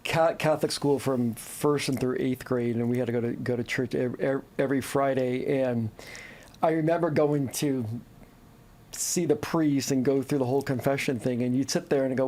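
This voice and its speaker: A man's voice: mid-range voice, fairly even intonation, moderate pace, a little mellow. Easygoing male podcast host. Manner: easygoing, asks short follow-up questions. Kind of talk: casual interview chat.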